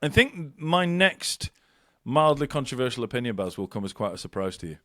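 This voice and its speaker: A man's voice: mid-range voice, very animated, brisk, pushed and bright, dry recording, clean studio sound. A man co-hosting a casual podcast chat, rambling and self-mocking with lots of hesitations. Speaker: podcast co-host.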